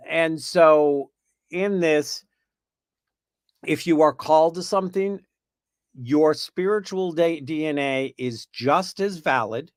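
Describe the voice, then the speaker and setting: A man's voice: fairly high pitch, no echo. A man hosting a spiritual panel on a video call, talking in a chatty, meandering way with playful asides, and losing his voice. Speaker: panel host.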